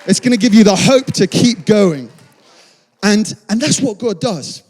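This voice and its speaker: Man, pastor, passionate conversational sermon, fairly high voice, long church reverb. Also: animated, unhurried, a little mellow. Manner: passionate, conversational preaching with many restarts. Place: church auditorium.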